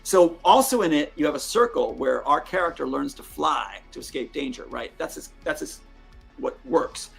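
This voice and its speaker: A man's voice: on the high side, lively intonation, normal speed, vocal fry, slightly rough, faint music behind. A man retelling a film story in a rambling way with fillers, heard in a clip.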